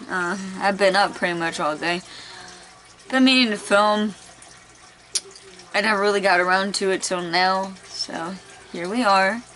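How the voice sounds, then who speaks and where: A woman's voice: medium pitch, unhurried, pauses often, fairly bright tone, rough recording. A young woman in a laid-back, tired casual chat at home, giggling now and then as she reads aloud. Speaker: vlogger reading aloud.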